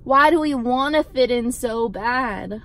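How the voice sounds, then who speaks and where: Outdoors, a young woman vlogger with a high, slightly bright voice speaks directly to camera, delivering a blunt motivational pep talk. She drives her points home by repeating them, swears casually, and takes it slowly, with slight background noise.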